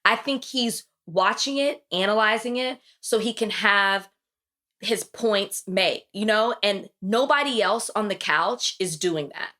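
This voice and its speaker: A woman's voice: medium pitch, a little slow, bright, forceful tone. Chatty Southern woman podcast host. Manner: chatty, laughing, restarts sentences. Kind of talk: casual chat.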